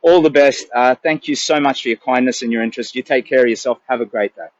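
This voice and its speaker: A man's voice: mid-range voice, fast talker. An older Australian man talks to his phone camera outdoors, rambling and emotional, often restarting his sentences. The sound is dull and lo-fi, and dry with no room echo. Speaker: charity walker vlogger. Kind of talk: casual live-stream chat. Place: outdoors in a city.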